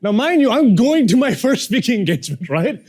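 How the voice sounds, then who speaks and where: Animated storytelling man, lively pitch. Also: a little fast. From moved to Canada as a young adult. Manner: animated, quotes people in shifting voices. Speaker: speaking coach. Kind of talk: storytelling talk to a live audience.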